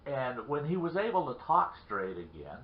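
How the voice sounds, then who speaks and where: A man's voice: mid-range voice, sing-song, normal speed. A man telling a folksy story from his boyhood in a rambling, repeating way. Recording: roomy lo-fi recording.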